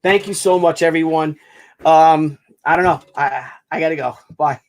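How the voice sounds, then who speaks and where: A man with a high-pitched voice chats to his viewers while unboxing a gift. He talks haltingly and effusively, stopping and restarting his sentences and filling gaps with "um" and "uh". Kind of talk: casual unboxing video. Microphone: camera mic.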